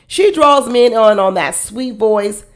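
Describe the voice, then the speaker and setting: A woman giving casual, blunt commentary on a reality show, with sassy, animated delivery and frequent laughing asides. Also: a little high, takes it slowly. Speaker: reality TV reaction host.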